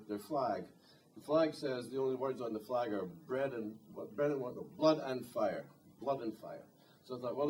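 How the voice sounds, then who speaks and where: Fairly low and darkish, this male singer-songwriter's voice tells a rambling, wry story between songs, leaning on "you know." He's at a live music venue, heard in a distant gig recording with a little hiss or hum.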